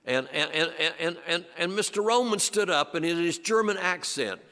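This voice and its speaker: An older man from western North Carolina, telling a story to an audience in rhythmic repetitions that sink low and soft on the refrains. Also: expressive, moderate pace. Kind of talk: storytelling performance. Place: church sanctuary before an audience. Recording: long church reverb.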